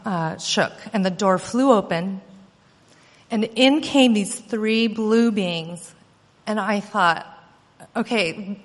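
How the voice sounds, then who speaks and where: A woman's voice: medium pitch, a bit bright. A woman, a mother, earnestly recounting a personal experience, often acting out quoted dialogue. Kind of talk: personal storytelling. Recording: long hall reverb.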